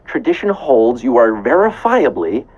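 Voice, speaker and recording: A man's voice: medium pitch, sing-song, a little slow, darkish tone, rough recording. A man hosting a live trivia game show, playful and jokey, breaking into song snippets between questions. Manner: playful, punning, sings snippets. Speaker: quiz show host.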